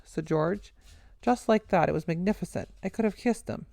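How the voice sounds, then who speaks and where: A woman narrating a first-person story in a steady, earnest reading voice. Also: on the low side, moderate pace, gravelly, no echo.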